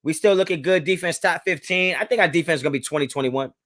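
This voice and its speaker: A man with a slightly high, fairly bright voice talks fast while hosting a live sports fan stream. He speaks casually and emphatically straight to his chat, repeating his points.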